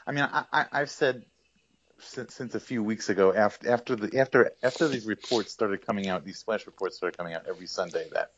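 A man co-hosting a casual sports podcast, giving his opinions in halting sentences with many restarts. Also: lowish voice, highs cut off, a little hiss or hum. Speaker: sports blog writer and podcast co-host.

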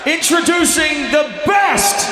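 Ring announcer guy yelling an intro, slow and drawn out, crowd behind. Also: music in the background. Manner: nervous, then booming announcements. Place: large indoor arena. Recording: echoey arena with crowd noise.

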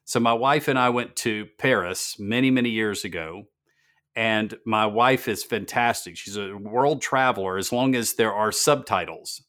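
This man hosts a business podcast in a voice on the low side, a bit bright, at a measured pace. His storytelling is earnest, with emphatic repetition of key words.

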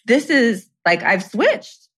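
A woman's voice: on the high side, big pitch swings, slow pace, fairly bright tone, slightly rough. A middle-aged woman guest telling personal stories in casual conversation, chatty and full of "like" and "you know".

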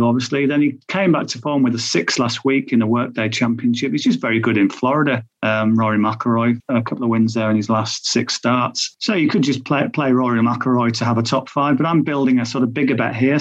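A man's voice: medium pitch, muffled recording. A man giving betting tips on a podcast, chatty and thinking aloud with restarts. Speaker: betting tipster. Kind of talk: podcast chat.

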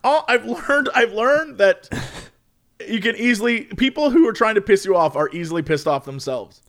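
A man, a streamer, chatting casually and acting out chat messages in a high, excited voice. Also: moderate pace.

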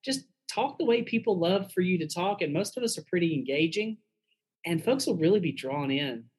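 A man's voice: high voice, animated, moderate pace, slightly rough, low-quality recording. A man, a pastor and guest, giving frank, earnest advice in a casual conversational way.

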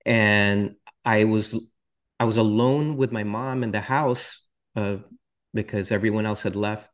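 Guy hosting a podcast, lowish voice, earnest candid testimony, bit self-deprecating. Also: steady tone, a little slow. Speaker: podcast host. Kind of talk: personal testimony storytelling.

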